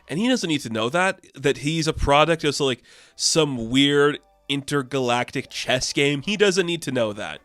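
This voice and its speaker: A man's voice: fairly high pitch, moderate pace, dry recording, soft background music. Chatty man recapping comics, dry close mic. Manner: rambling, heavy use of "like", excitable. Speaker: comic book reviewer.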